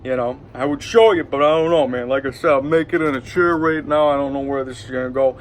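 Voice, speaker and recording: A man's voice: a little high, slight background noise. A man with a Detroit accent rambling in a loose, hyped-up vlog monologue from home, full of fillers. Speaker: vlogger. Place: indoors at home.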